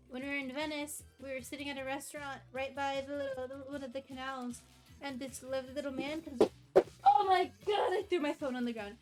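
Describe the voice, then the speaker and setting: A young American woman streaming, rambling through a travel story in casual chat, self-mocking and acting out quotes. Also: high voice. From United States.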